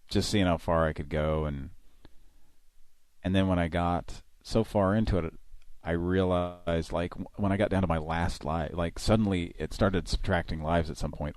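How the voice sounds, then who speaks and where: A man's voice: low voice, fairly even intonation, normal speed, a little mellow, no room sound. A man hosting a live online show, chatting casually and rambling with lots of fillers and restarts. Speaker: host.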